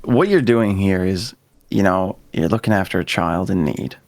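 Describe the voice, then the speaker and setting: A man's voice: low voice, moderate pace, darkish tone, dry recording. A man playing in a tabletop game, chatting in a playful, persuasive way. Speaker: player.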